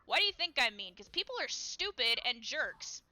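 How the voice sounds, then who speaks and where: A woman's voice: fairly high pitch, big pitch swings, normal speed, pushed and bright, no room sound, heavily acted. A woman playing a haughty, snide young man. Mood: defensive. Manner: sarcastic, muttering. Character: haughty, snide, blunt male character.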